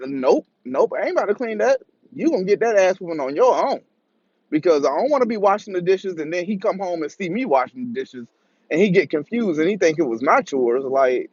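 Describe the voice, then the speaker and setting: A man's voice: sits high, a little fast, no echo. Man telling a story on a dull, dry recording. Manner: profane, animated, acts out quoted voices. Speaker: vlogger. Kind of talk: casual storytelling monologue.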